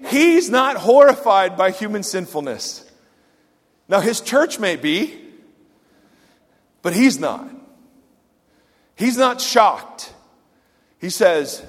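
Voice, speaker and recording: A man pastor delivering a sermon, swinging from loud emphatic lines to hushed, quiet asides. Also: a little high, in a large hall.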